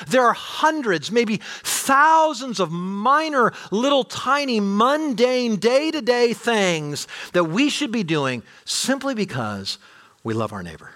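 A middle-aged man preaching a sermon to his congregation, animated, with rhetorical questions and rising intensity. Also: high voice, takes it slowly. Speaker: pastor.

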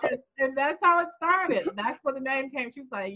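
A woman coach telling an animated story in a podcast interview, acting out the voices she quotes. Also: normal speed, muffled recording. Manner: animated storyteller, acts out quoted voices with big pitch jumps. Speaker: coach and founder.

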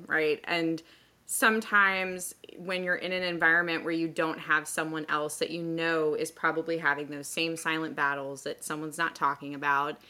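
A woman in her thirties in a casual panel chat, quick to laugh at herself as she tells stories. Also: low-pitched, bright, forceful tone. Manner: laughs often, quick self-mocking asides. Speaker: guest.

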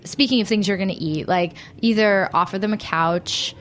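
A woman's voice: medium pitch, moderate pace, fairly bright tone. A woman chatting frankly on a podcast, rambling with many fillers. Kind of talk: casual chat.

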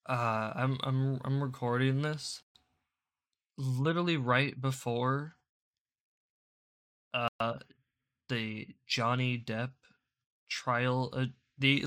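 A man's voice: medium pitch, sharp tone. A man hosting a casual political commentary show, rambling and stammering, often repeating words. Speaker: show host.

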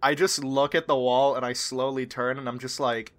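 A player describing their character's actions in a tabletop game, animated and laughing often. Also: mid-range voice. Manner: animated, laughing, drawn-out speech. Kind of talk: casual tabletop role-play.

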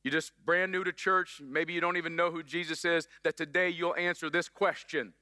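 A man's voice: a little high, steady tone, normal speed, sharp tone, big-room sound. A middle-aged man preaching a sermon as pastor, upbeat and joking with the congregation in a church. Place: church sanctuary.

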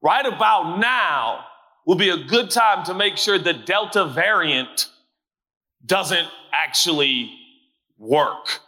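A man preaching a sermon who swings between loud, dramatic shouting and hushed, low asides. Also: animated, slow. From Portland, Oregon. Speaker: pastor.

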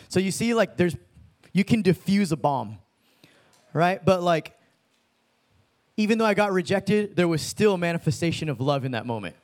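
A young man preaching a casual sermon, telling stories in laid-back slang and acting out the people in them. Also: sits high. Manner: laid-back slang-filled, animated retelling. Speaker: youth preacher.

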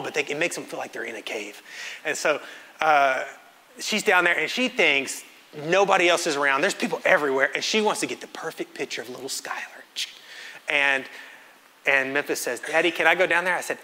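A man, preaching as a pastor and telling a funny family story with acted-out quotes. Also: high-pitched. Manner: animated, self-mocking storytelling with acted-out quotes. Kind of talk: sermon storytelling. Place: church sanctuary. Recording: reverberant church hall.

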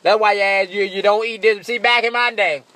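A man doing a profane stand-up comedy monologue, brash, laughing often and slipping into shrill mocking voices. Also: steady tone, fairly quick, bright, forceful tone.

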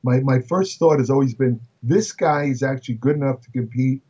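A man's voice: mid-range voice, brisk, warm tone, slightly rough. Older New man telling stories, muffled and distant. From Brooklyn, New York. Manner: chatty, repeats words, frequent fillers and restarts. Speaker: bodybuilding writer and guest. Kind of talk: casual anecdotal storytelling.

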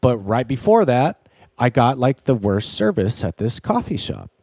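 Man, relaxed conversational guest, halting delivery with restarts, dry sound. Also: mid-range voice, husky, dry recording. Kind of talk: casual chat.

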